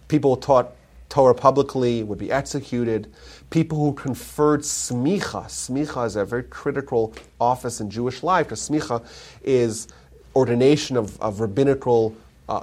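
Animated male lecturer telling history stories. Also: medium pitch. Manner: animated retelling, swells louder for emphasis, frequent restarts. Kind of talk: live storytelling lecture. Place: lecture room at a community centre.

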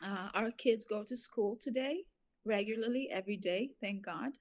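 A woman in her forties with an Israeli accent whose first language is Hebrew, giving an emotional personal testimony as an interview guest, halting and full of restarts. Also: mid-range voice, darkish tone. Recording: muffled lo-fi audio.

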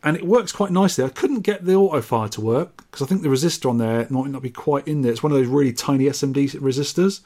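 This man, co-host of a casual retro gaming podcast, reads out listener messages in a jokey, wandering, self-deprecating manner. His mid-range voice has a darkish tone, and he talks quickly with few pauses.

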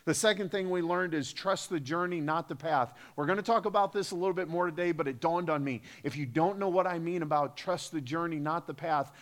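A man's voice: on the high side, fairly quick, hardly any pauses. A man preaching a sermon as pastor, emphatic, with rhetorical questions and repetition. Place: church sanctuary.

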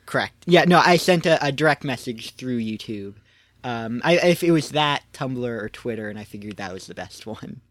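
A man's voice: medium pitch, lively intonation, normal speed, a bit bright, dry recording. A man co-hosting a podcast in casual chat, explaining things with hesitant restarts. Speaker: podcast co-host.

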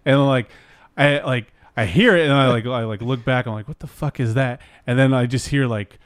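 A young man rambles through a story in loose casual chat, packing every pause with "like" and the odd swear. His voice sits at a middle pitch and sounds close and dry, with no room around it. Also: smooth, no room sound.

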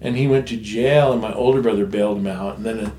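A man's voice: on the low side, fast, warm tone, a little hiss or hum. Blunt, swearing man telling his story. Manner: blunt, frank, swears freely. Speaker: guest sharing recovery story. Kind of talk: candid personal storytelling. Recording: echoey room, faint ambience.

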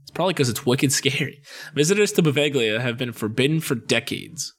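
A man's voice: mid-range voice, animated, fairly quick, breathy edge. A young man co-hosting a podcast, reading a ghost story aloud and cutting in with his own jokes. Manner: reads the story, breaks off for jokes. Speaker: podcast co-host.

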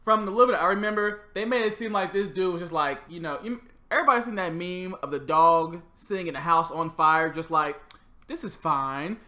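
A man's voice: high-pitched, fairly quick, hardly any pauses, sharp tone. A man in casual chat, joking but hesitant, often searching for words.

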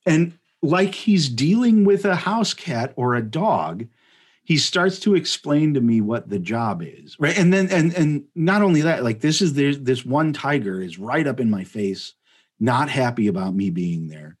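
A man tells a funny story on a podcast in an easygoing, animated ramble, leaning on "like" and "you know". His voice is husky and sits in a middle pitch, and he laughs through his own lines. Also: unhurried. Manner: animated, rambling, laughs mid-sentence, many fillers. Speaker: podcast guest telling a story. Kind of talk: casual comedic storytelling.

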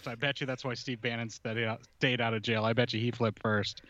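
A man's voice: medium pitch, flat delivery, brisk, sharp tone, no room sound, dull audio. A man chatting casually on a podcast, sarcastic and mocking, swearing freely. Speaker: podcast co-host. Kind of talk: casual political chat.

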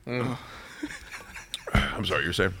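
A male talk-show host ranting profanely in a casual chat, breaking into shouts and laughter. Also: deep voice, lively intonation, slow, noisy background. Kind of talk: casual radio-show rant.

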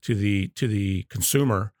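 On the low side and a little mellow, the Southern coffee company leader talks at a measured pace in a studio-quality recording with no echo. He's a guest in a casual podcast interview, telling stories and voicing customer quotes.

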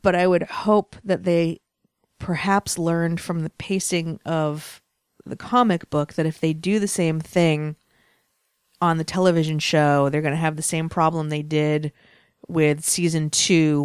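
Woman cohost on a comics podcast, lowish voice, laughs a lot, dry mic. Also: fairly even intonation, measured pace, clean tone, no room sound. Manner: laughs often, blunt and profane. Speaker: podcast co-host. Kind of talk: casual podcast chat about comics and films.

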